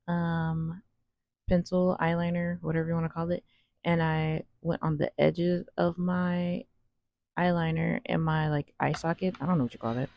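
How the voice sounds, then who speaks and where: Woman vlogger, lowish gravelly voice, rambling slangy voice-over, dry dull lo-fi sound. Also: no echo. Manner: rambling, slangy, self-deprecating. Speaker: cosplay vlogger. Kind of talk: casual voice-over over makeup footage.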